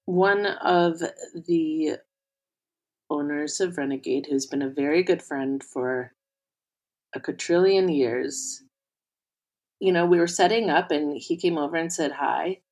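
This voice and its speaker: A woman's voice: low voice, slow, a little mellow. A woman co-hosting a podcast, chatting casually and rambling with many fillers. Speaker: podcast co-host. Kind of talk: casual chat.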